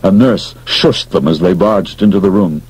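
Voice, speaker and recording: A man narrating an audiobook in an expressive, dramatic storytelling manner. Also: low-pitched, moderate pace, slightly rough, low-quality recording.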